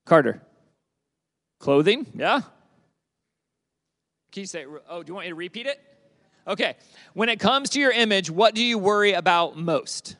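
A youth pastor with a high, gravelly voice leads a summer youth group through scripture. He talks in a lively, conversational way, asking questions and repeating the answers back. The sound is close and dry, with no room echo. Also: moderate pace, pauses often. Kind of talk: youth group Bible talk.

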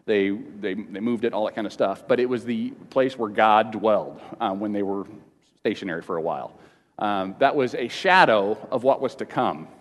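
A man teaching a Bible lesson to a congregation in a casual, halting way, often repeating words and slipping in jokes, at times emotional. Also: lowish voice. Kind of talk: informal teaching sermon with questions to the room. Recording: long reverb of a large hall.

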